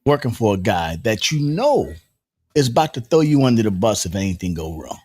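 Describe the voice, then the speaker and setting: Animated joking man on a morning show. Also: on the low side, fairly quick, breathy edge. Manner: animated, joking, does voices, swears. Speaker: co-host. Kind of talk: casual chat.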